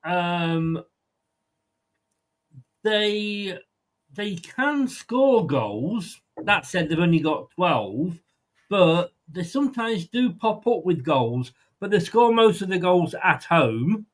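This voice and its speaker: A man's voice: high voice, big pitch swings, slow pace. Rambling man hosting a football chat. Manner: rambling, with frequent ums and restarts. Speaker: host of a football prediction show. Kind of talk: casual chat.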